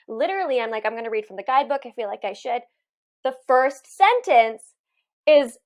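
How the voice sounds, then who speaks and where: A chatty woman co-hosting a podcast. She rambles through her thoughts in a friendly, casual way, and her voice sits a little high. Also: expressive, a little fast. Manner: chatty, many fillers and restarts, laughs often. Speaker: podcast co-host, medium. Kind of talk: casual chat.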